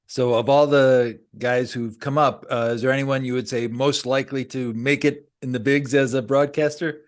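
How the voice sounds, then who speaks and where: A man's voice: medium pitch, fairly even intonation, moderate pace. A man hosting a casual podcast interview, laughing often and giving short, encouraging replies. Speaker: podcast host.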